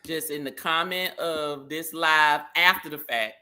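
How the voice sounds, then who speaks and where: A woman co-hosting a casual live talk show, animated and emphatic, who repeats phrases for effect and laughs often. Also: deep voice, a little slow. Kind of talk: casual livestream chat.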